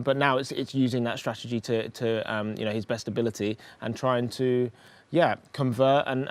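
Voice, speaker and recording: A man's voice: mid-range voice, no room sound. A man giving casual analysis as a pundit, hesitant and full of fillers.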